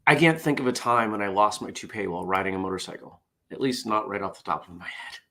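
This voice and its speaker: A man with a low, gravelly voice talks casually and sounds tired. He reads jokes aloud with a wry, self-deprecating manner. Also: fast, bright, forceful tone. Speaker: host. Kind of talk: casual morning chat, reading jokes.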